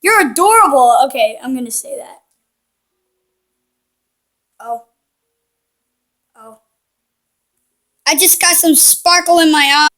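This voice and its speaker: A woman's voice: high voice, expressive, slow pace, pauses often, fairly bright tone. A woman commenting casually while playing a video game, playful and cheeky, teasing the characters on screen. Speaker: gaming channel host. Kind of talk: casual let's-play commentary.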